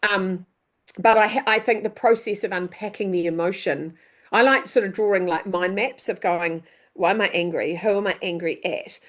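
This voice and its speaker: A middle-aged woman, a coach and author chatting as a podcast guest, animated and quick to act out what people say. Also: mid-range voice. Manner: lively, animated, acts out quoted voices, mild swearing. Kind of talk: casual podcast chat.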